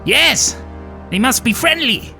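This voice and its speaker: A man voicing an excitable young male adventurer brother who calls out high and loud. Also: slow pace, gravelly, soft background music, heavily acted. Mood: eager.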